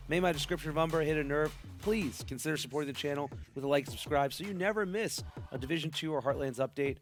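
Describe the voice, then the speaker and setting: A man hosting a game build video, talking in a hyped, playful, slangy way, with a sick voice. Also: fairly high pitch. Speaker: gaming channel host. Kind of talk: casual game build commentary.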